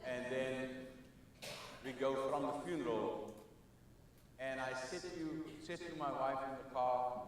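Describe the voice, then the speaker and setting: A man giving a keynote speech, dropping to quiet asides and then rising to loud, emphatic peaks. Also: medium pitch, normal speed, recorded from a distance. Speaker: keynote speaker. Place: large conference hall. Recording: echoey hall, speaker off-mic.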